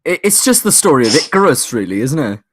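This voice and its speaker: A young Welsh man, a guest podcaster, rambling and swearing in casual banter, quick to laugh. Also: mid-range voice, sing-song, fairly bright tone, breathy edge. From Wales.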